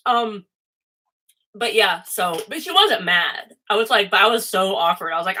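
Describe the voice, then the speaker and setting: A woman's voice: medium pitch, animated, moderate pace, pushed and bright, low-quality recording. A woman hosting a casual livestream and reading tarot, rambling and chatty and swearing freely. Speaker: host and tarot reader.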